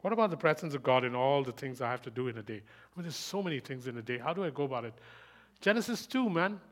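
A man preaching a sermon, fast and emphatic, asking rhetorical questions and rising into loud bursts. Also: medium pitch, expressive. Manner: speaks fast.

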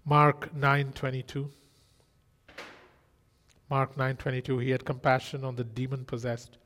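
A man's voice: mid-range voice, little pitch movement, measured pace, a bit bright. A man preaching a sermon in an earnest style, asking rhetorical questions and exclaiming.

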